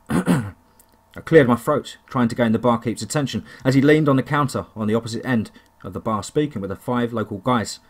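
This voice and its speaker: A man narrating a first-person horror story, telling it in a steady, deliberate way. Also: mid-range voice.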